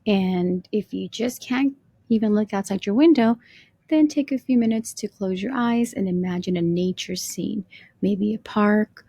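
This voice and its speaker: A woman teacher talks students through a lesson on screen, patient and methodical. Her voice has a gravelly texture. The sound is close and dry. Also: mid-range voice, unhurried, dark tone, dry recording. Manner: patient, explains step by step, asks questions to students. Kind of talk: screen-share lesson walkthrough.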